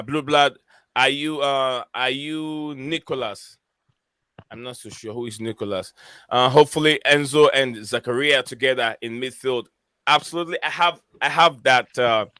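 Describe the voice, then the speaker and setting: A man hosts a casual live stream. His voice is bright and crisp, and his talk is full of hesitant fillers as he reads names from the chat. The sound is dry and close. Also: medium pitch, dry recording. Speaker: host.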